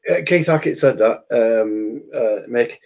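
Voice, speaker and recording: A man co-hosting a football podcast, talking thoughtfully with many pauses and fillers. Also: medium pitch, a little mellow. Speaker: podcast co-host. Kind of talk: casual football podcast chat.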